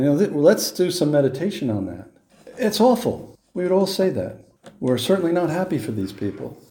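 A man's voice: medium pitch, dark tone, echoey room. A man preaching a sermon, reading scripture with rising emphasis and then explaining it in a conversational way with rhetorical questions. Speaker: pastor.

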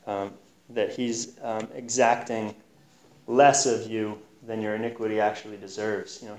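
A man giving an informal Bible teaching in an earnest, conversational way, pressing hard on key points. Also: mid-range voice. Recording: roomy echo.

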